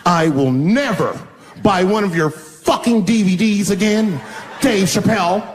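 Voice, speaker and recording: A comedian putting on a deep, slow, condescending voice for an irritated pregnant woman. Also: big-room sound, some chatter behind, a little hiss or hum. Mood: haughty. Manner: slow, haughty, clipped.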